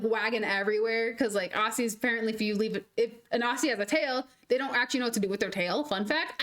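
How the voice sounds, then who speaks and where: A young adult woman streaming a game, telling rambling stories in casual chat with lots of "like". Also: fairly high pitch. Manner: rambling, animated storytelling full of "like". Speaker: gaming streamer. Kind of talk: casual chat while gaming.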